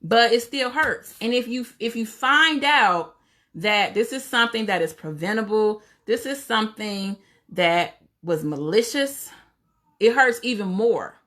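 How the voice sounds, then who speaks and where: Woman talking on her livestream, bright voice, lots of rhetorical questions, opinionated. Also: a little high, expressive, measured pace. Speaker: livestream host. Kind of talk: casual livestream commentary.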